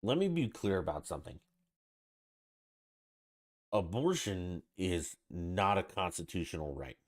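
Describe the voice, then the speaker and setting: An animated host with a voice that sits low talks at a measured pace on his own solo podcast. His casual rant comes out blunt, irritated and sweary.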